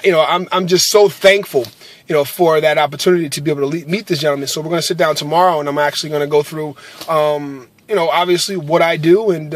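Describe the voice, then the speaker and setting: Earnest high-voiced man. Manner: earnest, with many fillers and repeated "right?". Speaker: vlogger sharing a faith story. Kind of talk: casual chat to camera.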